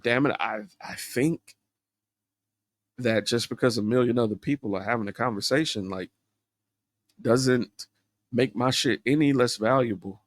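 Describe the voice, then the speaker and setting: A man's voice: medium pitch, unhurried, pauses often, no room sound, clean studio sound. A man hosting a solo podcast, talking candidly and introspectively, rambling with fillers and restarts. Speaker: podcast host.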